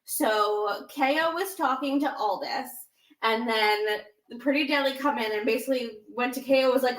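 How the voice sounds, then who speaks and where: A woman's voice: on the high side, normal speed, a bit bright, roomy sound. A woman in her thirties co-hosting a podcast, talking in a rambling, casual way full of fillers and playfully acting out quoted lines. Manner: chatty, rambling, lots of "like" and "um". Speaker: podcast co-host. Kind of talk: casual chat.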